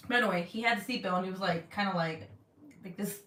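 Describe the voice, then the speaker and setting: A young woman livestreams a story from home in loose, casual talk. She is animated, laughs a lot and swears freely, and her voice sits at an ordinary middle pitch. The mic is set back, so her voice sounds distant with a roomy echo. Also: fast talker. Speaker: vlogger reading live chat.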